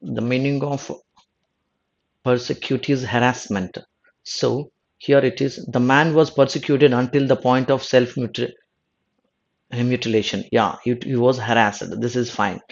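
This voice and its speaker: A gravelly mid-range man's voice, with the highs cut off, comes from a South Indian exam coaching teacher explaining test answers. He frequently starts over, says things twice, reshapes sentences as he goes and asks "no?".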